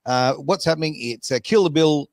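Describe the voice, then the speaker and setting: A man's voice: a little high, normal speed, dry recording, clean studio sound. A man hosting a casual talk show, joking and teasing his co-hosts. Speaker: show host. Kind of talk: casual banter.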